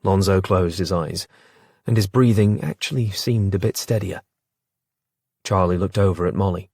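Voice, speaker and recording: A man narrating an audiobook in a measured, steady way. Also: low-pitched, creaky, breathy edge, no room sound, studio quality. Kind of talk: scripted narration.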